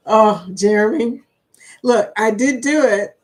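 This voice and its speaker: A woman's voice: mid-range voice, slow. Chatty woman in her sixties. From Kentucky, USA. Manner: chatty and excitable, greets viewers by name, bursts into whoops and laughs. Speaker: livestream host. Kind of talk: casual live-stream chat.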